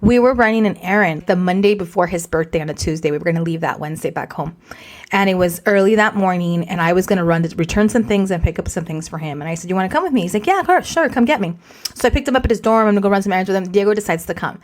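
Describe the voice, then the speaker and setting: Her voice fairly low and her delivery rapid-fire, a woman in her forties co-hosts a podcast and recounts a story casually. She stays animated, weaving in Spanish words as she goes.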